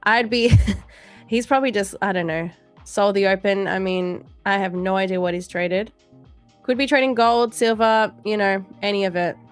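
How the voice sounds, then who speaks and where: A woman with a mid-range voice hosts a live stream in a loose, conversational way. She thinks out loud, fills pauses with ums and turns to answer her viewers' comments. Soft music plays faintly underneath. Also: mid-range voice. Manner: thinks aloud with frequent ums, reads viewer chat. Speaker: host of a live trading stream.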